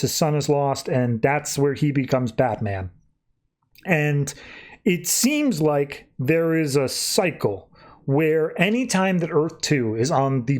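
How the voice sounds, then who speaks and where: A man with a slightly raised voice recaps comic stories in a casual, rambling podcast style. He drifts between plot points with lots of loose filler. His delivery is animated and chatty. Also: on the high side. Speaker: podcast host.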